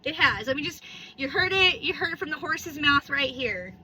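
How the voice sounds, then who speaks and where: A woman's voice: high-pitched, animated, moderate pace, sharp tone, a little hiss or hum, poor audio. A woman in her thirties chatting casually and rambling while she vlogs from her car on a phone camera. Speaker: vlogger. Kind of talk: casual driving vlog chat. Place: in a parked car.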